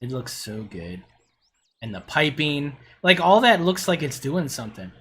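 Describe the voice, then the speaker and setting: A man's voice: on the high side, very animated, unhurried, sharp tone, a little hiss or hum. A middle-aged man on a casual livestream, gushing and swearing as he reviews player builds.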